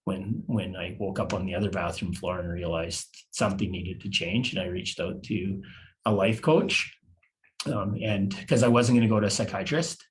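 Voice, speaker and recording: Halting, low-voiced man in his fifties. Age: 50s. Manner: halting and confessional, repeats words as he searches for them. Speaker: podcast guest. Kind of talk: personal storytelling interview.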